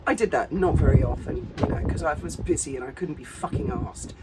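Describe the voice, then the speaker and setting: A woman's voice: sits low, wildly swooping pitch, fairly quick, far from the mic, very noisy. A middle-aged woman, giving a sarcastic, profane commentary with laughing asides. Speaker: commentary channel host. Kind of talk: casual commentary.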